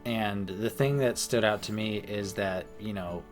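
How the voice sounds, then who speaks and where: A man's voice: lowish voice, a little slow, soft background music. A man co-hosting a casual collector podcast, speaking in an easygoing, rambling way. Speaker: podcast co-host. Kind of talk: casual chat.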